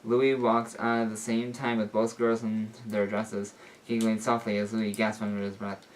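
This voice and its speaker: A man's voice: on the low side, little pitch movement, normal speed. Male amateur reader of a homemade story; loose, self-correcting delivery, distant mic, light background hiss. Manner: unpolished, stumbles and fixes his words. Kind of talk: reading fan fiction aloud.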